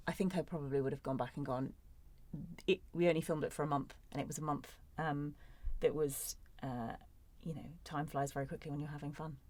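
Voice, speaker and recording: A woman's voice: on the low side, no room sound. A woman in her thirties, an actor answering fan questions in a casual, chatty way with playful, self-mocking humor. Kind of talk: casual chat. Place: recording studio.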